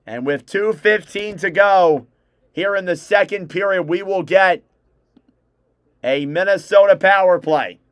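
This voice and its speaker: High, clear-voiced young man calling hockey. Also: fairly bright tone, no echo, studio quality. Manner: rapid name-calling play-by-play, self-correcting. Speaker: fan livestream play-by-play host. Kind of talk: live hockey play-by-play commentary.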